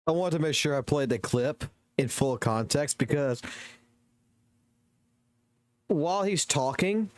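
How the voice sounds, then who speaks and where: A man streaming live, reacting bluntly to clips and defending another creator, with occasional swearing. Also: medium pitch. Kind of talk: casual reaction commentary.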